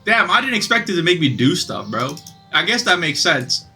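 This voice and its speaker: A young man giving casual, excitable gameplay commentary, chatty and swearing, calling his viewers bro. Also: a little high, moderate pace, soft background music. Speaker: gaming video creator.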